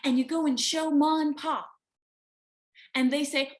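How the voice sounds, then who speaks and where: A woman teaching a reflective self-development lesson, speaking slowly and emphatically, with pauses and repeated phrases. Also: high-pitched, steady tone. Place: room with an open window.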